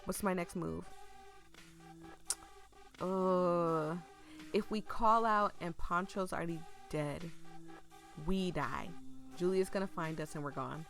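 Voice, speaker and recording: A woman reading a story game aloud, breaking off into excited, chatty asides, and losing her voice. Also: on the low side, slow pace, pauses often, soft background music. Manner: excitable, chatty asides between read lines. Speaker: gaming streamer. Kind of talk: reading a visual novel aloud with live reactions.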